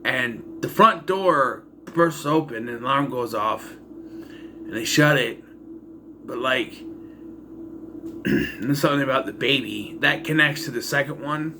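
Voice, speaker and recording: A man with a bright, forceful, medium-pitched voice speaks a little slowly with long pauses, over a slight hiss or hum. As a movie reviewer he casually goes through a horror film in a rambling, loose retelling, with frequent asides and fillers and dry, exasperated remarks about its holes.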